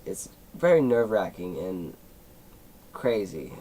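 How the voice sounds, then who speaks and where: In a casual vlog, a teenage YouTuber of seventeen shares a personal story, rambling, using lots of fillers, and sometimes turning emotional. He speaks at normal speed in a lowish, steady, slightly mellow voice. There's slight background noise, and the recording quality is low.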